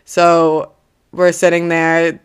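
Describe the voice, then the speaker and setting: A woman's voice: on the low side, completely flat delivery, slow, clean tone. A young woman hosting a podcast, telling a personal story in a blunt, casual way, swearing freely and laughing through the hard parts. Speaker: podcast host.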